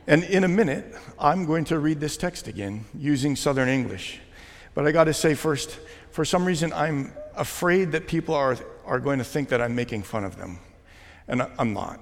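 A man preaching a sermon as pastor, talking in a conversational way with gentle jokes. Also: a little high, expressive, moderate pace. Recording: long hall reverb.

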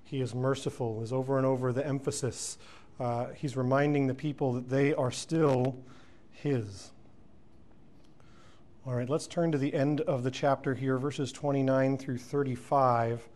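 A man's voice: medium pitch, level tone, normal speed, darkish tone. A man teaching through a Bible passage verse by verse, reading scripture aloud and then explaining it, with fillers and self-corrections.

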